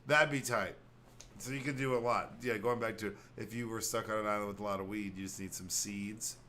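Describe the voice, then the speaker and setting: A man's voice: lowish voice, steady tone, brisk, bright, forceful tone, slight background noise. A man hosting a podcast, rambling in casual chat with slang and frequent laughter. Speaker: podcast host.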